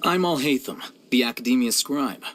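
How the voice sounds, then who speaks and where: Brief: a man playing an aloof young male scholar in a game clip, mid-pitched, calm and clipped, faint ambience behind. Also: normal speed, a little hiss or hum, close to an everyday voice. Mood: composed. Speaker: game character. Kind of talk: game voice line.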